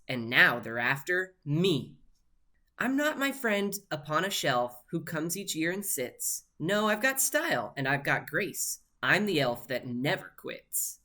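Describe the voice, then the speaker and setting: A woman's voice: low-pitched, pushed and bright. A woman reading a rhyming picture book aloud in a cheeky, sprightly first-person manner. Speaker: storybook reader.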